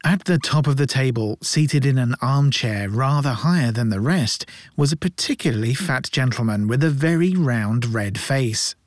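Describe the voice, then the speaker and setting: An audiobook narrator reads a classic novel as scripted narration, at a measured pace with a gently ironic touch. His voice is ordinary middle pitch, and the recording is dry and close with no room sound.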